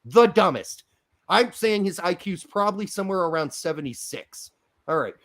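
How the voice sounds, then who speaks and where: A man co-hosting a podcast, letting loose in a casual rant with a self-mocking edge. His voice sits fairly high and swoops widely in pitch as he talks. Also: normal speed. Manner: animated, ranting, self-mocking. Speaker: podcast co-host. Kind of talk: casual ranting chat.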